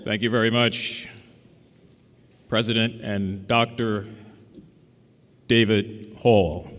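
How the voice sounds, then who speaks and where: A man delivers a ceremonial keynote speech into a podium microphone, his phrases formal and built with a speaker's cadence. His voice sits at an ordinary male pitch. A long reverb from the ceremony venue trails behind each phrase. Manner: formal, oratorical, with rhetorical cadence. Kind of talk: commencement address.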